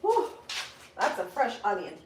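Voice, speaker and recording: A woman's voice: mid-range voice, huge pitch swings, measured pace. Chatty woman cooking live. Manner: chatty, reads viewer comments, exclaims "oh Lord". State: teary from onions. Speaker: cooking livestream host. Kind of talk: casual livestream cooking chat. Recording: echoey kitchen, faint noise.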